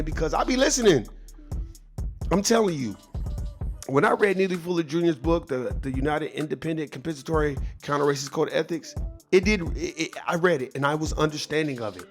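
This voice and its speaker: A man with a slightly high voice speaks to his viewers in an earnest, preachy monologue, repeating himself for emphasis and cursing freely. Faint music plays behind him. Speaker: vlogger. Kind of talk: casual monologue, giving advice.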